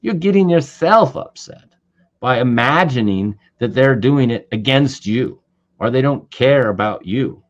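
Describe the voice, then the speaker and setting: A man teaching an online class as an Ayurvedic doctor and herbalist, talking conversationally with many "you know" fillers and animated storytelling. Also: medium pitch, a little slow, lo-fi sound. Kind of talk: online webinar lecture.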